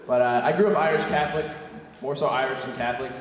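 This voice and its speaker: A brash young man performing stand-up in a theatre, cursing freely and checking in with the room as he goes. His voice sits at an ordinary pitch and comes from well off the microphone. It carries a long, echoing hall reverb over a faint hiss. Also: fairly even intonation, fast. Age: young adult. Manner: brash, profane, tosses in asides like "right?". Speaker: stand-up comedian. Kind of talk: stand-up comedy set. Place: theatre stage before a live audience. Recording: echoey theatre hall from far off.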